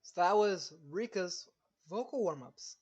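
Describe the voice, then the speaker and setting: A man's voice: sits high, animated, measured pace, a little mellow, highs cut off. Rambling male co-host of a casual stream. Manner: rambling, stammers and repeats words.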